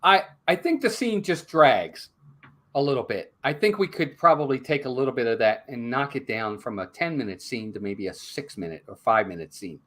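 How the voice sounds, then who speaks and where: A man's voice: mid-range voice, animated, fairly quick, fairly bright tone. A man co-hosting a casual movie review, talking emphatically and repeating words as he makes his points. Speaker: co-host, film reviewer.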